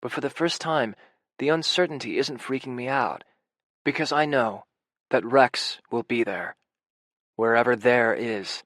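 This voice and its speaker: A man narrating a first-person romance audiobook in a quiet, intimate way. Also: mid-range voice, measured pace, no room sound.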